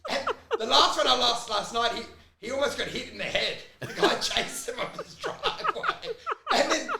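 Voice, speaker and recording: A man, co-hosting a comedy podcast in an animated, laughing way. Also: extremely high pitch, normal speed, creaky, roomy sound, very noisy. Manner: animated, laughs through stories, acts out voices. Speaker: podcast co-host. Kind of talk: casual comedic chat.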